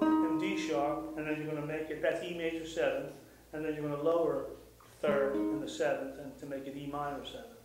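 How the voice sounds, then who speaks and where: A man teaching jazz guitar rhythm, explaining calmly with fillers and scatting the beats aloud. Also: a little high. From United States. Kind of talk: instructional guitar lesson. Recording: echoey room, mic at a distance, guitar playing.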